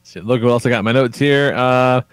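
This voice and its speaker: A man in his thirties, co-hosting a podcast in casual chat, telling stories in a profane, animated way. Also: medium pitch, brisk, clean tone, dry recording. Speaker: podcast co-host.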